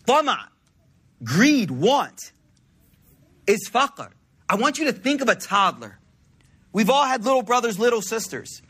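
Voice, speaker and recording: A man's voice: sits high, lively intonation, measured pace, pauses often, sharp tone, husky. A man giving an informal sermon, telling stories with slangy quoted dialogue. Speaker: preacher.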